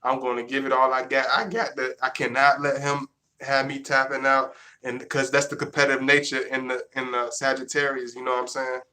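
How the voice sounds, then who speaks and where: A man's voice: medium pitch, flat delivery, a little fast, pushed and bright. A man, talking casually to his viewers in a rambling, repetitive way that keeps restarting sentences. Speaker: vlogger. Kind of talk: casual monologue to camera.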